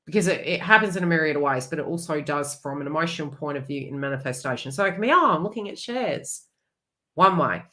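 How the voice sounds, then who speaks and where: A woman giving a chatty, rambling astrology reading with animated asides. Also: fairly low pitch. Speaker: astrology reader. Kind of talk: casual astrology forecast.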